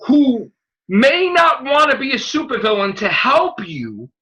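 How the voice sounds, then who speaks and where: A man hosting a casual podcast, ranting excitedly and swearing a lot. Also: extremely high pitch, a little slow, poor audio. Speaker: show host.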